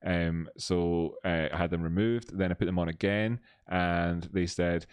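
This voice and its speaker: Brief: low-voiced male live-stream host, loose and rambling, dry close sound. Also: steady tone, normal speed, hardly any pauses, clear, resonant tone, no echo. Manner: loose, thinking aloud with many fillers. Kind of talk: live-stream chat and chart analysis.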